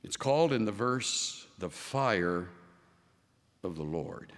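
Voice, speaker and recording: A man preaching a sermon as a pastor, animated and voicing the figures he quotes. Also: lowish voice, slow pace. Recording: long hall reverb.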